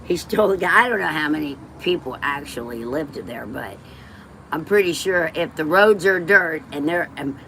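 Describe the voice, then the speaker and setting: A woman's voice: low voice, animated, normal speed, fairly bright tone, slight background noise. A woman from West Texas, livestreaming and telling rambling personal stories in a blunt, emotional way, swearing freely and drifting off topic.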